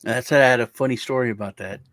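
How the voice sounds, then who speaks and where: A man's voice: mid-range voice, racing, fairly bright tone, dry recording. Male host, rambling casual storyteller, dry close recording. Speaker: crypto show host. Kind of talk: casual chat.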